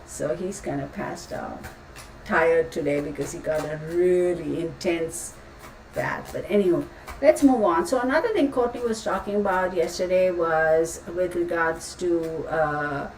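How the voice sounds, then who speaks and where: A woman's voice: lowish voice, expressive, unhurried, a little mellow. A woman hosting a tarot live stream, chatting casually and rambling with frequent exclamations. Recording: roomy, distant mic, faint background noise.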